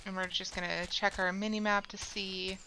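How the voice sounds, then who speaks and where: A woman's voice: mid-range voice, level tone, moderate pace, bright, forceful tone, slight background noise. A woman streamer giving casual, rambling commentary while playing a game, often correcting herself mid-sentence. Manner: chatty, rambling, self-correcting.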